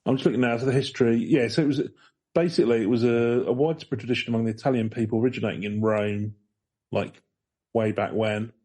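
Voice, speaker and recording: A man's voice: mid-range voice, fairly even intonation, quick pace, darkish tone. A man co-hosting a casual podcast, reading notes aloud in a rambling way with dry jokes. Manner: rambling with fillers, dry joking. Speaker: podcast co-host.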